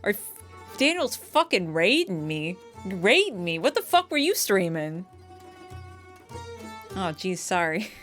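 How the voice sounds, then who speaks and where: A woman with a New York accent reads game text aloud on a stream and reacts with open emotion, swearing freely and laughing easily. Her voice sits at a middle pitch, with faint game music behind it. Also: big pitch swings, measured pace, pauses often, fairly bright tone.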